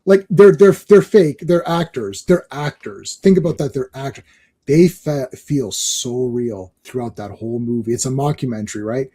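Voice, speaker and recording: A man's voice: mid-range voice, moderate pace. A man hosting a casual chat, telling stories with lots of laughter and repeated words. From Canada. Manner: animated storyteller, laughs often, repeats words. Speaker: podcast host.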